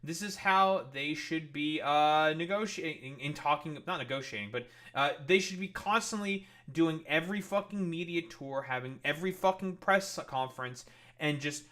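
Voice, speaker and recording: A man's voice: a little high, moderate pace, fairly bright tone. A man streaming heated, profane political commentary in a blunt, ranting way.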